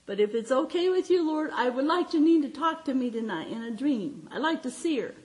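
A middle-aged woman preaching a sermon, telling personal stories in a heartfelt, animated way and often laughing as she talks. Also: sits high, a little fast.

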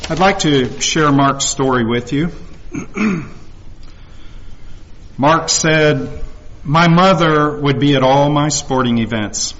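A man's voice: on the high side, takes it slowly, pauses often, fairly bright tone, dull audio. A man addressing a congregation, earnestly retelling a personal story and voicing the people in it. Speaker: visiting speaker. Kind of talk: sermon storytelling.

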